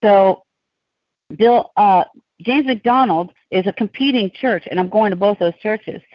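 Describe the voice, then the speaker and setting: A woman guest on a podcast, telling long rambling stories in a casual, animated way. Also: mid-range voice, measured pace, dry recording, lo-fi sound. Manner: rambling, animated, digressive storytelling.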